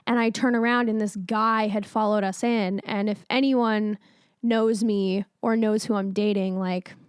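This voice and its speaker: A young woman co-hosting a podcast, telling a story in casual chat, animated, laughing often and swearing freely. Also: medium pitch, measured pace, clean tone, no echo, studio quality. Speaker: podcast co-host.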